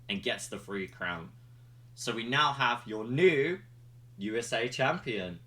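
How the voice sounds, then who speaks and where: A man's voice: lowish voice, pushed and bright. A man hosting a podcast, giving a rambling play-by-play recap full of ums and likes. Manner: rambling play-by-play retelling with fillers. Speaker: podcast host reviewing wrestling. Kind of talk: casual recap.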